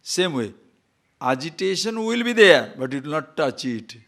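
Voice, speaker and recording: A man teaches in a lively spiritual talk, his voice sitting a little high for a man and swinging up on emphatic questions. He breaks into stories and jokes, laughs at them himself, and now and then recites Sanskrit verses. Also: normal speed, gravelly. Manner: animated storytelling, laughs at own jokes, rising emphatic questions.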